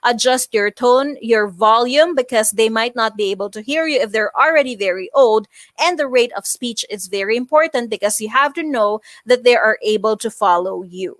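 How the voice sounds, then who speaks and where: A woman lecturing students at an online career seminar, animated and emphatic, often demonstrating tones of voice. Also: fairly high pitch, normal speed, dry recording, studio quality. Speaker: career talk speaker.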